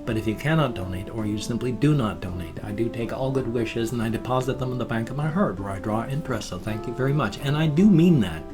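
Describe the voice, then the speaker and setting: A man's voice: medium pitch, animated, quick pace, hardly any pauses, over music. Rambling folksy older man vlogging. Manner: rambling, folksy, trailing off softly at line ends. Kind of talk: casual vlog monologue.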